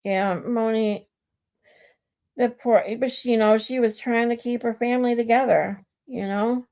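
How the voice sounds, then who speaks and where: A woman's voice: on the high side, fairly even intonation, measured pace, mellow. A woman hosting a casual live stream, talking bluntly and swearing freely, often restarting her sentences as she reads text messages aloud to her chat. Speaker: livestream host.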